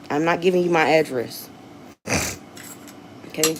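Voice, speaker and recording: A woman with a Southern US accent speaks with a voice that sits a little low. She is blunt and defiant, swearing freely as she talks to her viewers. Faint room noise hums behind her. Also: lively intonation, unhurried, pauses often. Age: adult, a mother. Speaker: vlogger and rapper. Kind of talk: casual talk to viewers.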